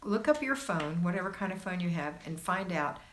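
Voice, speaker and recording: Woman, livestream host, lowish voice, chatty, reassuring, reads comments aloud. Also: animated, brisk, a little hiss or hum. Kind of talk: casual livestream chat reading comments.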